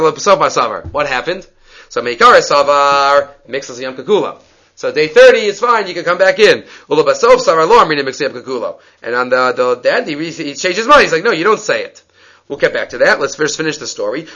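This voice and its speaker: A man teaching a Talmud lesson, reading Aramaic and Hebrew aloud and explaining it in quick English, acting out each exchange. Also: fairly high pitch, poor audio. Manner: animated, acts out dialogue with rising voice. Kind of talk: lively Talmud lecture.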